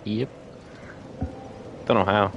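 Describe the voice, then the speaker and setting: A man's voice: on the low side, steady tone, slow pace, gravelly, a bit bright, highs cut off, a little hiss or hum. A young man streaming a video game with a friend, chatting casually, swearing freely and laughing often. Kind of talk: casual chat while gaming.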